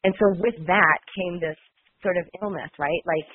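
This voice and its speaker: A woman's voice: fairly low pitch, moderate pace, slight background noise. A woman with a nasal, congested voice from a cold, talking earnestly and reflectively as a guest. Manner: flowing, earnest, with many um's. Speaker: guest, healer. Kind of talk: reflective conversational talk. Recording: phone-like call audio.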